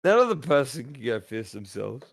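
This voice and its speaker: A man's voice: medium pitch, sing-song, normal speed, creaky. An Australian man co-hosting a podcast, joking and swearing in casual crude banter. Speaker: podcast co-host.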